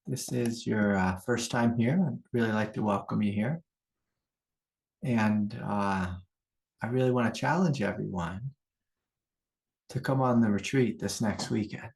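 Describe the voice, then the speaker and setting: Gravelly low-voiced man giving a casual spiritual talk. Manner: rambling, informal, anecdotal, many fillers. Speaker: meditation and spiritual teacher. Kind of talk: casual spoken satsang talk.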